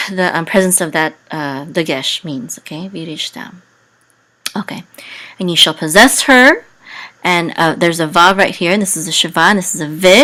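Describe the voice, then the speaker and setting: A woman teaching a lesson in a slow, hesitant way, with many ums, who sings some words in a high, drawn-out chant. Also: fairly bright tone, poor audio. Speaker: Hebrew teacher.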